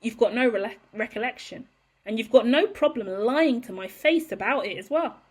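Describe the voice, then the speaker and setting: A woman's voice: a little high, animated, normal speed, breathy edge. A woman giving a heated, profane monologue to camera as a tarot reader, blunt and ranting.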